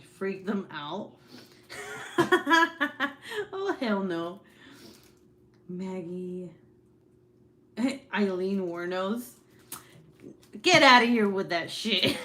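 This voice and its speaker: Her voice sits low but a bit bright, with a little hiss or hum, as this livestream host and mother of several small kids jokes with viewers about her children. The chat is casual and slangy, full of laughter and free swearing.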